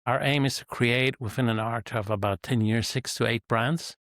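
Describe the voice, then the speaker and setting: A retired male executive guest on an interview podcast, talking in a measured, reflective way with frequent fillers. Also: medium pitch, steady tone, a bit bright, dry recording. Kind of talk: conversational interview answers.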